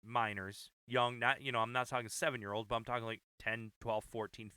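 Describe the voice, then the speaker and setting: Bright, halting man chatting on a podcast. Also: mid-range voice, level tone, clear, resonant tone, no echo. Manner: rambling, halting with restarts. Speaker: podcast co-host. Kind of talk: casual chat.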